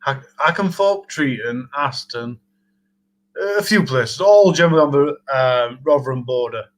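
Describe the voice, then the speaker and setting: A man's voice: medium pitch, unhurried, rough recording. A man with a Sheffield Yorkshire accent, hosting a casual livestream chat in a rambling, laughing way. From Sheffield, England. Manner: rambling, chatty, laughs often. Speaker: livestream host.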